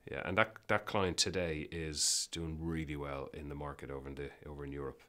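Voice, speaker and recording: A man with a very low voice speaks as a guest in a relaxed interview. He tells his stories emphatically and animatedly, often breaking off and restarting his sentences. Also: brisk. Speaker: business guest. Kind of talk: casual interview storytelling.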